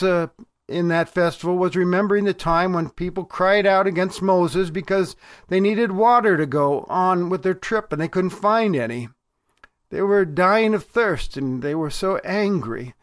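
A male pastor delivers a sermon in an earnest, emphatic way. His voice sits a little high for a man. The sound is dry and close, with no room echo.

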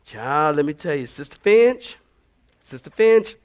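A man's voice: on the high side, big pitch swings, unhurried, a little mellow, clean tone. A man voicing a nosy older church woman who drawls her disapproval. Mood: scolding.

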